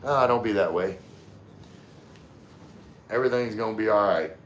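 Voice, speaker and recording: A man's voice: lowish voice, fairly bright tone, slight background noise. Laid-back Louisiana man livestreaming. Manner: laid-back, halting, many fillers and restarts. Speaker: livestream host. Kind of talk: casual livestream chat reading comments. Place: room in the Philippines. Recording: echoey room, faint ambience.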